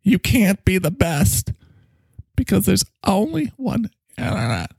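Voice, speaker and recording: A man voicing a cocky, needy male talking microphone that swoops in pitch and bursts into shouts. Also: wildly swooping pitch, measured pace, creaky, slightly rough, no room sound, studio quality, heavily acted. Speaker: podcast co-host character. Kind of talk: improvised comedy bit.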